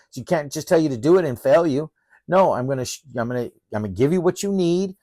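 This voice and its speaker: A middle-aged male professor lectures in a blunt, emphatic, fired-up way, like a coach pushing his students. His pitch sits in an ordinary middle range. The sound is dry and close, with no room echo. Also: a little mellow. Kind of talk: course introduction lecture.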